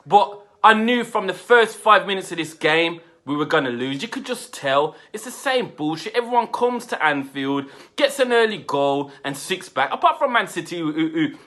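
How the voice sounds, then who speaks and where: A man's voice: high voice, sharp tone. A man in his forties venting an angry, exasperated rant about his football team. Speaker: football fan reviewer.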